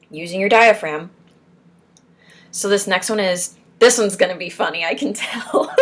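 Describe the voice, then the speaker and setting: A woman's voice: mid-range voice, moderate pace. A young woman leading a casual support-group lesson, drilling syllables and tongue twisters aloud with chuckles between rounds. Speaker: support group speech coach. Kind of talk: casual spoken exercise lesson.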